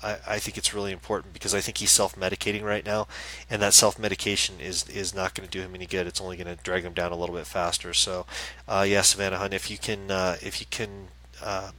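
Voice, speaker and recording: A man's voice: deep voice, bright, forceful tone, poor audio. A man hosting a casual live show as a psychic medium, chatting and reading out viewer comments. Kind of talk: casual livestream chat.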